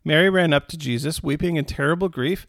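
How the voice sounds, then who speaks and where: A man's voice: fairly high pitch, fast, fairly bright tone, no room sound, studio quality. A man preaching in a conversational way, retelling scripture in everyday words and often restarting or repeating himself. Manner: acts out quoted characters with a raised voice. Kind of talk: conversational Bible teaching.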